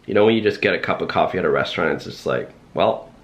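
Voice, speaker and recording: A young man, a rideshare driver who vlogs, rambles jokily to his viewers in a casual video, full of fillers like "like" and "um." His voice is low-pitched and quick, with lively intonation.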